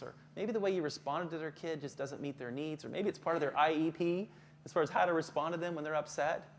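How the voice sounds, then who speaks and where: A man's voice: a little high, fast talker, a little hiss or hum. A middle-aged man leading a live workshop for teachers, joking and conversational, often putting questions to the audience. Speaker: counselor giving a workshop to teachers.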